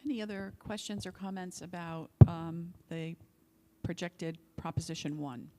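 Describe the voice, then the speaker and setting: Flat, low-voiced woman chairing a meeting. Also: slight background noise. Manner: brisk, procedural. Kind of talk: running a board meeting.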